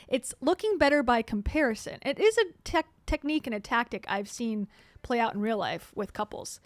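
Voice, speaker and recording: A woman's voice: on the high side, expressive, normal speed, dry recording, clean studio sound. A woman hosting casual reaction commentary, sarcastic and chatty, often laughing as she talks. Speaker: commentary channel host.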